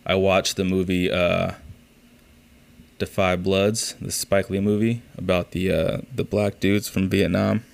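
Low gravelly man ranting casually. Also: level tone, measured pace. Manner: profane, rambling, exasperated storytelling. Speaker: podcast host. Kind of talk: casual solo podcast rant.

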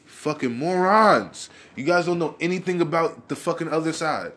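A man's voice: a little high, fast talker, a bit bright. A young man ranting in a casual monologue, heated and profane, rambling with restarts. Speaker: vlogger.

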